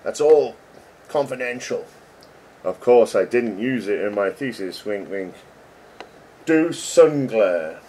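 A man's voice: on the low side, lively intonation, slow pace, dark tone, a little hiss or hum. A middle-aged man, a game developer chatting casually and joking as he reads code names aloud. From England. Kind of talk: casual commentary while reading code.

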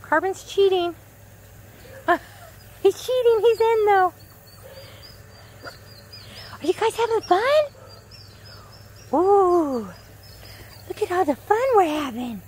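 A woman outdoors talking to puppies in a high, sing-song baby-talk voice. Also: expressive, slow pace, long pauses, a little mellow, slight background noise. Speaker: dog owner filming puppies. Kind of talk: casual chat to puppies. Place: outdoors in a yard.

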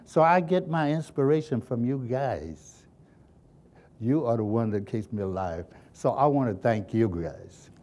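A man's voice: mid-range voice, measured pace, background noise. An older man being interviewed, telling folksy childhood stories and chuckling often as he speaks. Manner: chuckles often while recounting, folksy and lively. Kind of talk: storytelling reminiscence.

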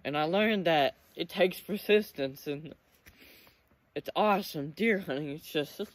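A teenage boy vlogging an emotional, excited hunting story to his viewers. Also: fairly high pitch, measured pace. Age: teens. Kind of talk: casual storytelling to camera.

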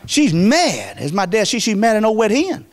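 Man, pastor preaching, folksy, emphatic, high-pitched. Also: wildly swooping pitch, moderate pace. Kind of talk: sermon.

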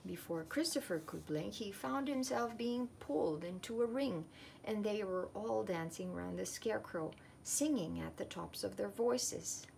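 A woman reading a children's picture book aloud in a gentle, expressive way. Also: mid-range voice, normal speed, creaky, slight background noise. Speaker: storyteller.

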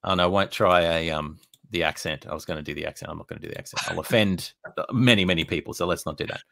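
A man's voice: deep voice, fast talker, vocal fry, sharp tone, no room sound. A man with an Australian accent hosting a podcast interview, asking playful quiz-style questions. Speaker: podcast host.

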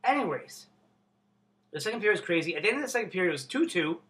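A young man from Canada vlogging casually, excitable and swearing constantly. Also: sits high, fast. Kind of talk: casual unboxing vlog.

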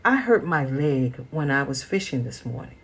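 A woman's voice: very deep voice, sing-song, moderate pace, breathy edge, pitched below the performer's own voice, heavily acted. A woman voicing a reluctant young farm boy in a storybook. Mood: boyish.

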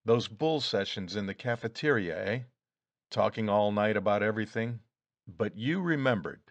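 A man's voice: lowish voice, expressive, moderate pace, no echo, lo-fi sound. A man reading as a small rueful man with a secret.

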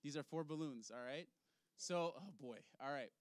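A playful man runs a hands-on faith lesson for children and laughs easily with his young volunteers. His voice sits fairly high. The sound is dry, with little room echo. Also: normal speed. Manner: upbeat, playful, laughs often. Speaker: children's ministry leader. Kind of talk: object lesson for kids.

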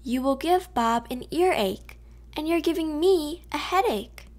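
Woman doing a storybook mom, calm, gently scolding, patient, slow. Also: sits high, voice pushed up. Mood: chiding. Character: patient young mother tucking in a child.

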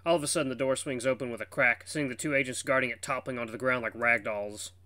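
A man reading a visual novel's second-person narration with brisk, lively storytelling. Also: mid-range voice.

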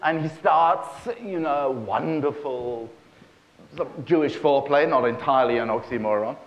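A man's voice: medium pitch, normal speed, echoey room, highs cut off. A man telling a joke in a chatty storytelling manner on stage. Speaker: host and joke teller.

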